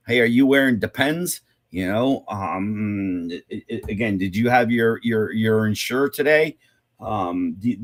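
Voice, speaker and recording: A man hosting an unscripted advocacy talk, blunt and informal, rambling with many fillers, repeated words and restarts. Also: medium pitch. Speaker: activist host.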